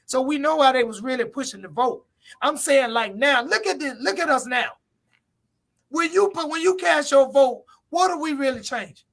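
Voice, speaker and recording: High, bright-voiced man debating casually. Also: vocal fry. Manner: blunt, repetitive, reads viewer comments aloud. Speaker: live stream co-host.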